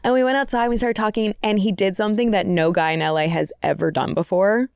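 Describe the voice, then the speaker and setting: A woman's voice: mid-range voice, fairly even intonation, fast talker, vocal fry, darkish tone. A woman on a podcast, telling a personal story in a candid, self-mocking way and laughing often. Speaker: podcast guest. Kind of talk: casual storytelling chat. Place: podcast studio.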